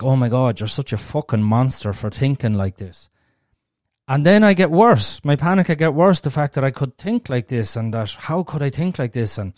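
A man's voice: mid-range voice, a little mellow, dry recording, clean studio sound. A man with an Irish accent hosting a solo podcast, talking frankly and bluntly and swearing freely as he shares his own experience. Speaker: podcast host. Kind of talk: candid solo podcast monologue.

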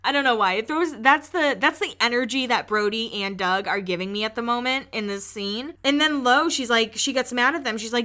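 Bright-voiced young woman recapping gossip. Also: on the high side, brisk, few pauses. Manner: chatty and gossipy, with frequent "like" and swearing. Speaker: podcast host recapping a reality show. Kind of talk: casual recap commentary.

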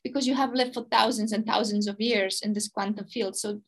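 A woman hosting a podcast, talking through spiritual ideas with emphatic, expressive stresses. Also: mid-range voice, a little fast, poor audio. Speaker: podcast host, spiritual teacher. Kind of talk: conversational spiritual teaching.

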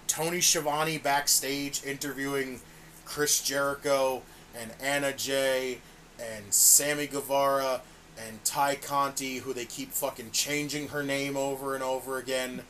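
On a casual wrestling podcast, a male co-host with a medium-pitched, fairly bright voice speaks slowly with fairly even intonation. He rants with exasperation and nonstop profanity, and there's a little hiss or hum on the recording.

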